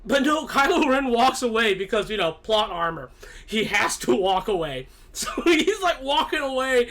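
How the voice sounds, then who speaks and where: A chatty reviewer talks through a film in a casual, offhand way. The speech rambles, with frequent restarts and repeated words. The voice sits at an ordinary middle pitch. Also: sing-song, normal speed, fairly bright tone. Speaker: movie reviewer.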